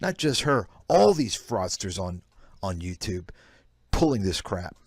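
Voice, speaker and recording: A man's voice: low-pitched, very animated, unhurried, breathy edge, no room sound, clean studio sound. A man giving blunt, scornful commentary on a live stream, reacting to clips. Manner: blunt, scornful, repetitive ranting. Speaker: host, investment analyst.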